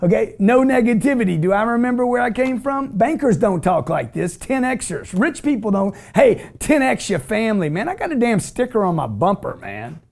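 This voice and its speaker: A middle-aged man hosts a motivational call-in show, preaching about money in a brash, emphatic, repetitive way. His voice sits high and sing-song at a normal speed, with vocal fry, a slightly mellow quality, and hardly any pauses.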